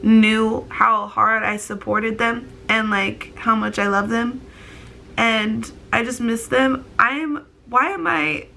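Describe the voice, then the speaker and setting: A woman's voice: fairly high pitch, little pitch movement, takes it slowly, vocal fry, sharp tone, a little hiss or hum. A young woman in her twenties telling a casual story to camera, rambling with lots of fillers and close to crying. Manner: filler-heavy, rambling, tearful. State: on the verge of tears. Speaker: vlogger.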